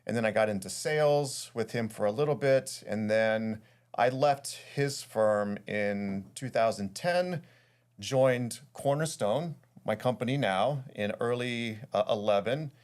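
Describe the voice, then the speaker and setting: A man's voice: medium pitch, measured pace, a little mellow. A man, a guest on an interview show, telling his story casually with fillers and restarts. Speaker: guest, title insurance executive.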